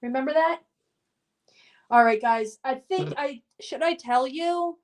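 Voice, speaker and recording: High-voiced chatty woman streamer. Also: measured pace. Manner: chatty and upbeat, laughs often, reminiscing. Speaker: live stream host. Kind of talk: casual live stream chat, reading viewer comments aloud.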